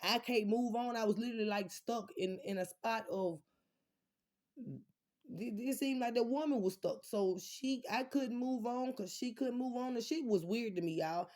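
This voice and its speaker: A woman with a mellow, warm voice talks straight to her viewers from home. Her talk is loose and unscripted, full of blunt swearing, and it wanders from one thought to the next. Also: fairly high pitch, moderate pace. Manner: blunt, profane, rambling, speaks straight to viewers. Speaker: vlogger talking to viewers. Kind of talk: casual unscripted livestream chat.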